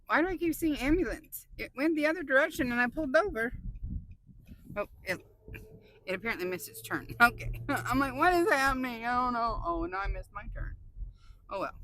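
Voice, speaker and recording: A woman vlogger chatting excitably while driving her car, laughing often. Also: high-pitched, a little fast, pauses often, a little hiss or hum, poor audio. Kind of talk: casual chat while driving.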